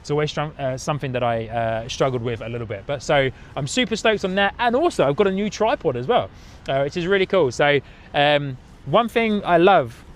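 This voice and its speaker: A man's voice: on the high side, lively intonation, fairly quick. A man from the UK with an English accent tinged by New Zealand, hosting a plane-spotting livestream outdoors in an airport car park. He talks in an upbeat, casual way, with lots of filler words and restarts. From United Kingdom. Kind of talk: casual live-stream chat.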